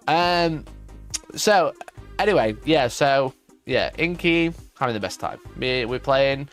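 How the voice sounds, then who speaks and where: A man's voice: mid-range voice, lively intonation, takes it slowly, a bit bright, soft background music. A man hosting a casual live stream, rambling through a story and swearing freely. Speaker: streamer host. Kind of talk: casual livestream chat.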